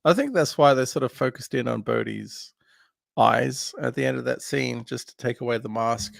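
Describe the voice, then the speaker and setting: A man with a very gravelly, creaky voice recaps a film plot casually. He wanders through the story with lots of ums. The sound is close and dry, with no room behind it. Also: mid-range voice, normal speed, no room sound. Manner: meandering, filler-heavy retelling. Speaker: film podcast co-host.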